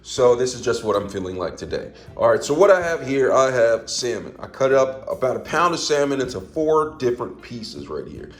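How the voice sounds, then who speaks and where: A man's voice: mid-range voice, sing-song, normal speed, hardly any pauses. A man giving a casual cooking demonstration at home, folksy and full of repeated catchphrases, dropping his voice on little asides. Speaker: home cook.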